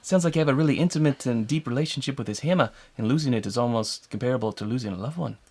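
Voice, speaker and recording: A man voicing a soft-spoken, gentle male rock creature with an Australian-style accent, earnest and matter-of-fact. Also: medium pitch, rapid-fire, slightly rough.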